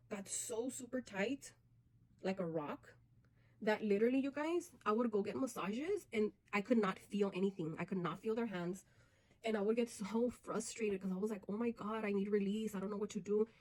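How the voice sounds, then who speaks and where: A woman's voice: medium pitch, a little mellow, poor audio. A woman vlogger telling a personal story straight to her viewers, earnest and open, often turning to them with "you guys".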